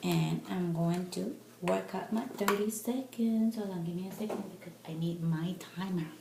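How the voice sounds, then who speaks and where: A woman's voice: fairly low pitch, normal speed, gravelly. A woman vlogging casually at home into a camera mic, chatty and exasperated as she rants. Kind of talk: casual product vlog. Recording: echoey room with background noise.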